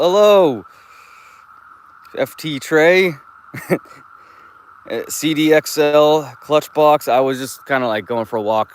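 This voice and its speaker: A man's voice: mid-range voice, clean tone. A man live streaming from his phone while walking outdoors, talking in a laid-back, rambling way and swearing freely. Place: outdoors, walking through a park and woods.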